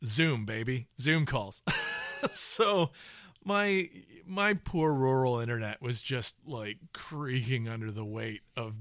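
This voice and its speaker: A man's voice: medium pitch, slow, fairly bright tone, dry recording, studio quality. A man co-hosting a podcast, talking casually about voice work, rambling with many restarts and asides. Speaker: podcast co-host, audio professional.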